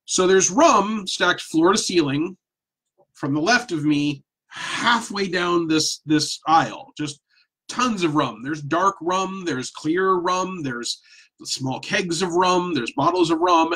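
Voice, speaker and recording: A middle-aged man tells a personal anecdote in a relaxed, animated way, poking fun at himself. His voice is a bit husky and sits slightly high for a man. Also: takes it slowly. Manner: animated, self-deprecating. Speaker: storyteller. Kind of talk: casual storytelling.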